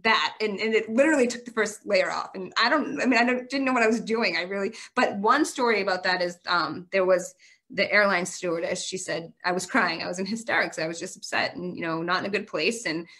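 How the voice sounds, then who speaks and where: A woman's voice: medium pitch, brisk, fairly bright tone. A woman guest on a podcast, telling a long story in an earnest, emotional way, with run-on sentences that tumble one into the next. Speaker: guest, marathon runner.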